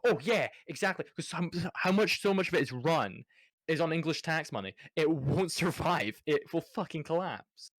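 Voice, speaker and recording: A man's voice: on the high side, animated, normal speed, no echo. A Scottish man chatting casually on a podcast, swearing and stammering through restarts. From Scotland. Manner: rambling, profane, stammering restarts. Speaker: podcast panelist.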